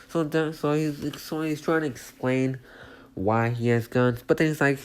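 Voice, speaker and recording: A man's voice: a little high, fairly even intonation, measured pace, a little hiss or hum. Rambling young man telling a fan story. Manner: rambling, hesitant, many restarts. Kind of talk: casual retelling of a fan story.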